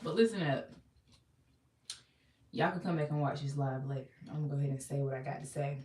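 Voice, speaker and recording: This motivational live-streamer, a young woman with a deep, slightly mellow voice, speaks a little fast in an emphatic, repetitive pep talk. She keeps calling on viewers to repeat lines after her. The mic sits far away in an echoey room, with slight background noise.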